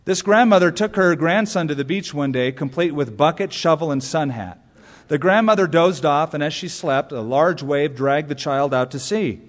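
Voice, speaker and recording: Male preacher, somewhat high voice, sermon delivery, long hall reverb. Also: moderate pace. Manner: storytelling preacher, rhetorical questions, emphatic punch lines. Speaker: pastor.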